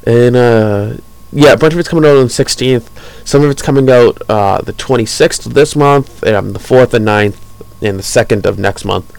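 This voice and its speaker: A man's voice: medium pitch, normal speed, vocal fry, darkish tone, no room sound, rough recording. A man hosting a casual podcast, rambling and chuckling enthusiastically as he talks about hobby news. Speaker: podcast host.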